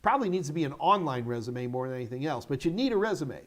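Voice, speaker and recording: A middle-aged man from the United States hosting a live Q&A, giving energetic, emphatic career advice in short repeated commands while sounding a little tired. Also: mid-range voice, quick pace. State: yawny, tired. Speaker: host answering viewer questions.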